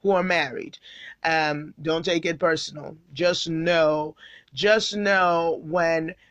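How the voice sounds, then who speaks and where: A woman's voice: deep voice, fairly even intonation, takes it slowly, no room sound, muffled recording. A woman pastor teaching a Bible sermon, speaking emphatically and repeating phrases for stress.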